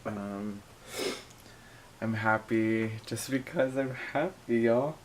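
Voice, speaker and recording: Give me a teary young man, talking slowly and softly at home late at night, with a faint hum behind him. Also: lowish voice, poor audio. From Hawaii. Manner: rambling, soft, with many fillers and nervous laughs. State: emotional, teary. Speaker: vlogger. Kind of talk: casual late-night vlog talk.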